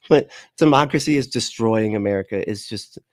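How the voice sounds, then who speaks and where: A man's voice: lowish voice, unhurried, no echo, clean studio sound. A man hosting a livestream, giving casual reaction commentary in a profane, sarcastic way and laughing often. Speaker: livestream host.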